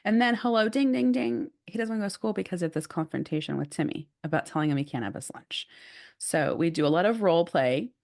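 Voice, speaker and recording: A woman co-hosting a podcast, telling a story in casual chat with lively, animated delivery and plenty of filler "like"s. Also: on the low side, fast talker, creaky. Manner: animated, acts out quotes, says "like" often. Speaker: podcast co-host.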